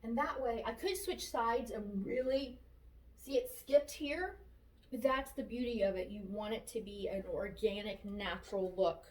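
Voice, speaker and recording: A woman's voice: fairly high pitch, measured pace. Woman painting furniture, echoey and distant. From Florida, USA. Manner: relaxed, talks through each brush stroke, repeats phrases. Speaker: furniture painter demonstrating technique. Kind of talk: casual how-to narration while working. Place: shop workspace.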